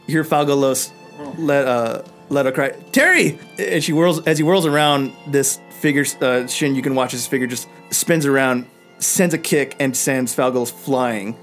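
A man narrating a tabletop game as game master, with many halting fillers. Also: mid-range voice, fairly even intonation, faint music behind.

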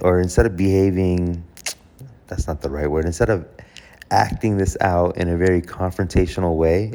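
A man's voice: low voice, warm tone. A man talking casually to camera about handling requests, correcting himself and acting out short example exchanges. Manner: conversational, self-correcting, acts out example dialogue. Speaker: host. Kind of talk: casual advice talk.

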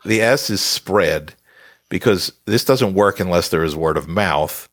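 A man's voice: sits low, lively intonation, unhurried, dry recording, clean studio sound. A man, an author guest on a podcast interview, explaining his advice emphatically and scolding playfully.

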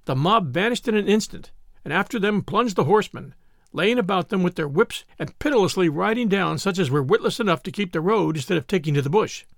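A male audiobook narrator reads a classic adventure with expressive, dramatic phrasing. His high voice carries a gravelly edge and moves lively in pitch. The recording sounds dry and close. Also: a little fast, no echo. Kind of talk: scripted storybook narration.

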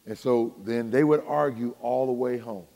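A man's voice: medium pitch, normal speed, big-room sound. An older man, a pastor telling folksy stories to his congregation in a sermon. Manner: folksy, animated, talks straight to the congregation. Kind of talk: storytelling sermon.

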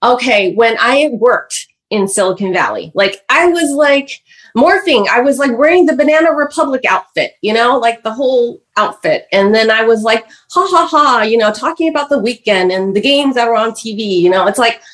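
A woman in her fifties, a guest author on a podcast, telling her story in an animated way with many fillers. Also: fairly high pitch, moderate pace. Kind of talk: podcast interview.

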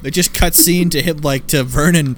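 A man's voice: on the high side, normal speed, noisy background. A man chatting casually, asking questions and riffing. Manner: quizzical, chatty. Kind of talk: casual chat.

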